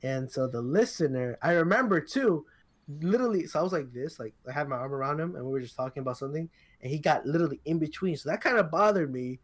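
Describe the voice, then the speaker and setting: A young man chats on a podcast, sounding tired and talking in rambling bursts full of swearing and false starts. His voice sits a little high for a man. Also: lively intonation, quick pace. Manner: rambling and profane, with frequent restarts. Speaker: podcast co-host. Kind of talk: casual chat.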